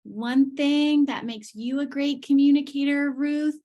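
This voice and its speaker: A woman clinician presenting certificates at a virtual ceremony, praising children in a slow, encouraging way over a video call. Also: high voice, fairly even intonation, mellow.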